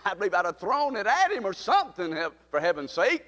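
An older man, preaching a sermon, swinging from loud high calls down to low hushed lines as he quotes scripture. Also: very animated, moderate pace, in a large hall.

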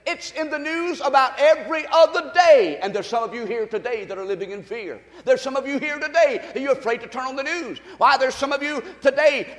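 Man, pastor, fervent call-and-response sermon, church sanctuary with long reverb. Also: very high-pitched. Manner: call-and-response preaching, rising to shouts.

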